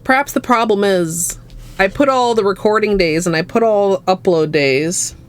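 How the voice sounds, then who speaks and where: A woman from Minnesota with a Minnesotan accent, chatting softly and rambling to her livestream chat. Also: mid-range voice, moderate pace. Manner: soft-spoken and rambling, talking to chat. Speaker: nail art streamer.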